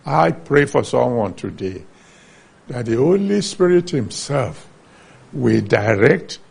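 Slow gravelly-voiced male preacher. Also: mid-range voice, sing-song, a little mellow. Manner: earnest Bible teaching with scripture references. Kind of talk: sermon.

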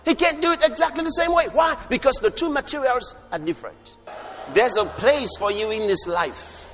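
A man preaching a sermon, emphatic, asking rhetorical questions and breaking into sudden shouts. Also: very high-pitched, normal speed, faint music behind.

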